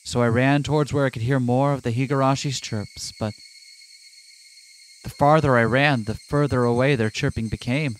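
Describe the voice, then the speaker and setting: A man's voice: medium pitch, fairly even intonation, normal speed, a little hiss or hum. A man, host of a gaming show, reads a visual novel aloud with dramatic narration and trades jokes with his co-host. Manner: dramatic reading mixed with joking asides. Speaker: let's play host. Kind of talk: reading a visual novel aloud with casual commentary.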